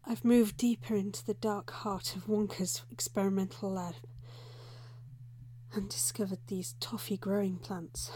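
A woman playing a flustered young undercover reporter in a whispered role-play, breathy and frantic, who keeps scolding herself and blurting curses. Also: mid-range voice, mellow, slight background noise, close to an everyday voice.

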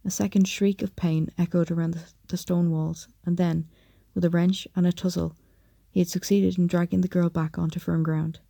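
Dark, gravelly-voiced woman narrating an audiobook. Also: fairly low pitch, flat delivery, normal speed, few pauses.

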